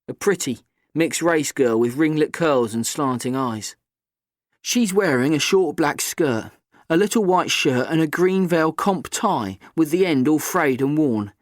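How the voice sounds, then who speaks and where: A man's voice: mid-range voice, dry recording. Guy reading an audiobook first-person, glum and tense, dry close sound. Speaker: audiobook narrator. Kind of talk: scripted first-person narration.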